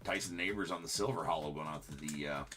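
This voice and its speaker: Low, bright-toned man hosting a card break. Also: faint music behind. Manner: rapid running commentary with frequent filler words. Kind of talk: live-streamed card break commentary.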